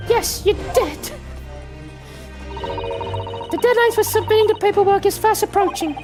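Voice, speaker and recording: Woman doing a formal, earnest girl assistant, raised pitch, music bed. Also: normal speed. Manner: formal, courteous. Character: polite, earnest young female assistant.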